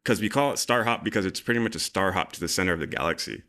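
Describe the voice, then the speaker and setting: A man with a very deep, low voice, chatting loosely on a livestream. He sounds excitable and casual and drops curse words as he riffs. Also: rapid-fire, gravelly. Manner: loose, excitable, swears freely. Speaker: podcast co-host.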